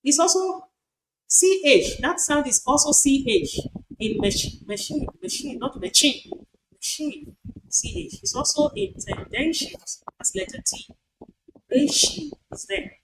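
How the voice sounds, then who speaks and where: A woman's voice: high voice, sing-song, measured pace. Woman lecturing on pronunciation. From Nigeria. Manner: repeats example words with corrections. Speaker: university lecturer. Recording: noisy recording.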